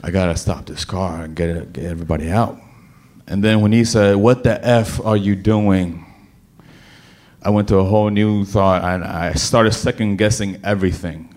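A man telling a personal story to a live audience, animated, with stammering restarts and sudden bursts of emphasis. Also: sits low, normal speed.

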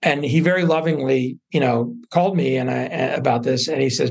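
Man, gravelly voice, husky, casual interview storytelling, loose with fillers. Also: mid-range voice, fairly quick. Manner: relaxed storytelling with fillers and restarts. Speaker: guest, venture investor.

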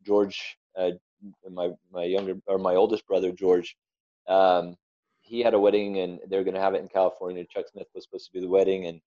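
A man's voice: low-pitched, flat delivery, a little fast, warm tone, no echo, lo-fi sound. A young man giving an earnest, rambling personal testimony as an interview guest. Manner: earnest, rambling storyteller with restarts.

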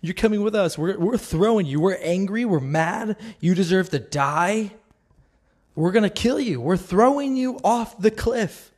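A man's voice: high-pitched, expressive, unhurried, pitched above the performer's own voice. A man voicing an angry mob of men that is taunting and threatening. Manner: loud and taunting.

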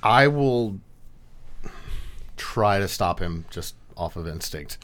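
A man's voice: low voice, animated, slow pace, a bit bright. Rambling man at a tabletop game. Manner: rambling, hedging with many fillers. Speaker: player.

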